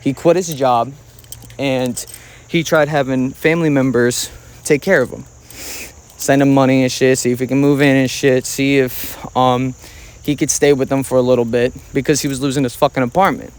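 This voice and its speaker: A man's voice: medium pitch, level tone, moderate pace, smooth. A man speaking in a plain mid-range voice, talking casually straight to the listener. He is angry and swears constantly, hitting his words hard for emphasis. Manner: angry, heavily profane, emphatic. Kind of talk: casual storytime monologue.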